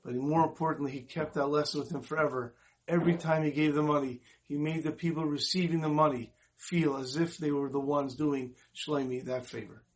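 A man telling a Torah story in a calm, earnest way, briefly giving voice to the people in it. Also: on the high side, a little fast. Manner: earnest storyteller voicing characters.

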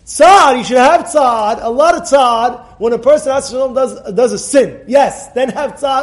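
A rabbi teaching an informal class. He repeats himself often, and he swings from quiet storytelling to loud, emphatic outbursts. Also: extremely high pitch, a little slow, few pauses. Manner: animated and emphatic, repeats words and phrases. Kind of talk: informal Torah lesson.

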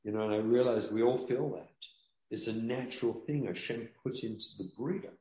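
A man's voice: medium pitch, moderate pace, dark tone. A man speaking as a rabbi in an interview, earnest and preaching, often repeating his key lines. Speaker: rabbi and parenting guest. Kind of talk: emotional interview talk. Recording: dull roomy sound.

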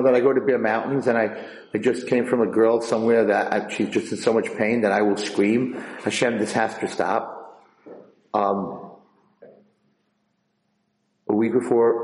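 A man teaching a Torah lecture in an informal, animated way, acting out dialogue as he tells stories. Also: lowish voice, echoey room, poor audio. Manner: animated storyteller, acts out dialogue, frequent restarts. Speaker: rabbi and teacher.

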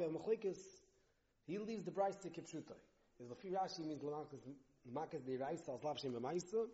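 Man, Talmud teacher, rapid-fire lecturing, fairly high voice, dull lo-fi recording. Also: mellow. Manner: rapid, mixing Hebrew-Aramaic terms into English, restarts often. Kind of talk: in-depth yeshiva-style lecture.

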